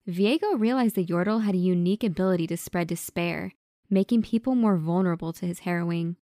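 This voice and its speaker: A woman's voice: mid-range voice, darkish tone, no echo. Female storybook narrator, wry and dramatic, dry close sound.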